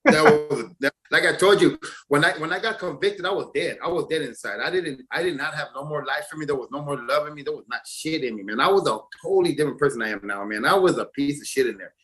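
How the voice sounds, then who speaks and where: A man in his forties tells his story with a bright, tense edge to his slightly high voice. He curses freely and rambles, often restarting his sentences with stammers. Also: lively intonation, quick pace. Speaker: interview guest, former prisoner. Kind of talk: casual storytelling.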